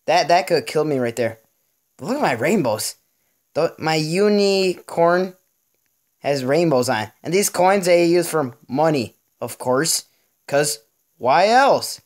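A teenage boy talks through his game in a loose, casual way. He jokes at his own expense and fills the gaps with little hummed sound effects and running remarks on every move. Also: on the high side. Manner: chatty, jokey, narrates each move with little sound effects. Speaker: gaming channel host. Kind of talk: casual gameplay commentary.

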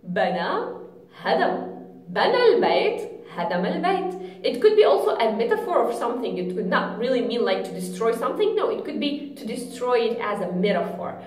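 A woman teaching a language lesson, repeating each word slowly and clearly. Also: fairly high pitch, sing-song, darkish tone, echoey room. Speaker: Arabic teacher.

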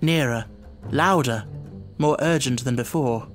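Man reading an audiobook, slow and steady, dramatic telling, mid voice. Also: medium pitch, over loud music. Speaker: audiobook narrator. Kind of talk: scripted audiobook narration.

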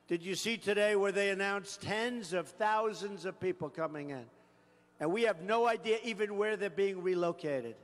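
Man, campaign rally speech, emphatic, repeats phrases, slow pace, echoing large hall. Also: high-pitched, fairly bright tone. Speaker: political candidate.

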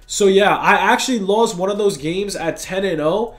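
A young man with a cold, talking fast and casually over his gameplay and saying "bro" a lot. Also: high-pitched, a bit bright. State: has a cold, sounds tired. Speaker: gaming YouTuber.

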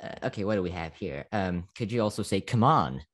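A man's voice: low-pitched, fast talker, darkish tone. A man hosting a podcast interview, casually prompting his guest with requests. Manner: friendly, laughing, prompting. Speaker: podcast host.

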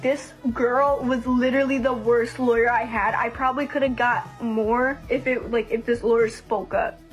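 A young woman vents on her livestream in a fairly high voice, blunt and heated, swearing freely. Faint music plays behind her. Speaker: livestream host. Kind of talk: casual livestream venting.

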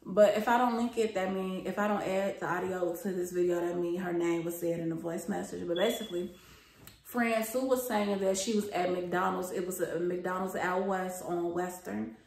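A young woman with a low, gravelly voice spills a workplace storytime straight to her viewers. She talks in a loose, chatty, profane gossip style, and the sound bounces around a roomy space. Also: fairly even intonation, moderate pace, darkish tone. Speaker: storytime vlogger. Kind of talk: casual storytime. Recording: roomy echo.

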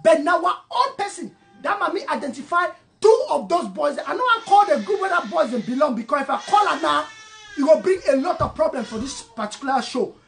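A woman with a Cameroonian English accent mixed with Pidgin, delivering an impassioned monologue, emphatic and repetitive, swinging between loud and soft. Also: high-pitched, very animated, a little fast, creaky, a little hiss or hum. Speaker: online commentator.

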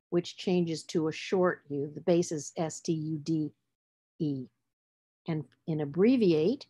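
A woman's voice: sits low, darkish tone, breathy edge. A woman teaching a literacy session, explaining word parts and spelling letters out as she goes. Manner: explanatory, spells out letters, stresses words for emphasis. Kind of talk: presenting a lecture on word structure.

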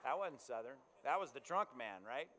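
A man's voice: mid-range voice, animated, moderate pace, fairly bright tone, slight background noise. A man preaching a sermon as pastor, in a conversational way that keeps checking in with his listeners. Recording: long reverb in a large hall.

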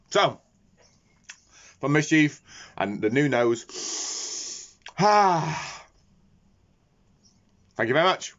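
A man's voice: fairly high pitch, sing-song, extremely slow, long pauses, fairly bright tone. Rambling man vlogging. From Yorkshire. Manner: rambling, laughing and swearing freely. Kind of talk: casual chat to camera. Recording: muffled lo-fi sound.

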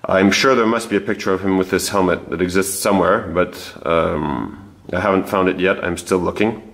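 Man, very low voice, casual history explainer, restarts and fillers. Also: moderate pace, creaky, a bit bright. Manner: conversational, thinking aloud with frequent restarts. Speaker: history channel host. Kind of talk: casual spoken history presentation.

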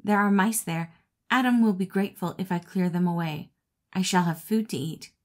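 A woman's voice: fairly low pitch, moderate pace, natural voice. Woman playing a sly, smug storybook cat. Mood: scheming. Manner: purring, smug. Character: sly, peevish female cat.

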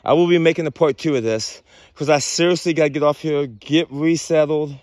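Excited man rambling outdoors in the woods. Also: on the high side, brisk, dry recording, clean studio sound. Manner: excited, rambling, talks to mushrooms playfully. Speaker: vlogger. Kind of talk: casual outdoor vlog narration.

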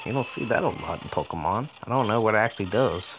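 A man's voice: fairly low pitch, lively intonation, quick pace, few pauses, background noise. A man casually commenting on a video game, joking, swearing and talking back to the game. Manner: joking, profane, talks to the game.

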